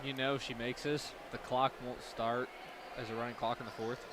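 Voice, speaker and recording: A man's voice: medium pitch, little pitch movement, moderate pace. A man giving color commentary at a basketball game, trading casual jokes with the play-by-play caller. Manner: joking, offhand remarks. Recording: noisy gym broadcast. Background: gym ambience, bouncing basketballs.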